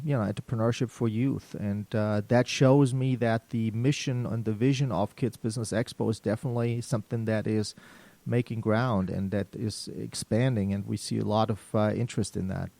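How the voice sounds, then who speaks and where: A man with a German accent hosting a business radio show, talking in a relaxed way with many fillers. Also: fairly low pitch, normal speed, gravelly, no echo. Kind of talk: casual radio talk. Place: radio studio.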